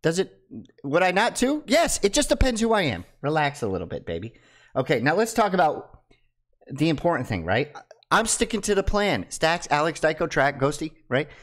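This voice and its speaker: A young man talking casually to camera as a crypto YouTuber, teasing his viewers and dropping from loud bursts to hushed asides. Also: a little high, sing-song, moderate pace.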